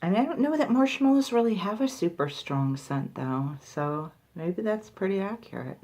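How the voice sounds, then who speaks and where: A woman's voice: mid-range voice, expressive, normal speed, darkish tone. A woman talking casually to camera as she tries and reviews lip balms, thinking aloud and poking fun at herself. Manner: chatty, thinking aloud, self-deprecating. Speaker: beauty reviewer. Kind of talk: product review vlog.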